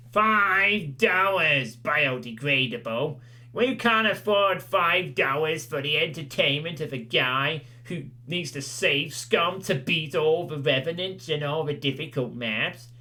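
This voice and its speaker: A man's voice: fairly high pitch, sharp tone, voice pushed up. A man putting on a made-up accent as a hammy huckster, stretching out his vowels as he pleads. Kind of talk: mock sales pitch on a livestream.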